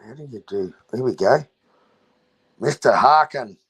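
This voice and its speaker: A man's voice: mid-range voice, expressive, unhurried, a bit bright, breathy edge. An Australian man hosting his livestream in casual chat, joking loosely and swearing as he goes. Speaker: livestream host.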